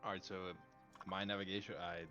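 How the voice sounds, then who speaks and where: A man's voice: deep voice, little pitch movement, fast, bright, forceful tone, lo-fi sound, soft background music. A man playing in a tabletop game, talking casually and a little hesitantly. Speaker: player.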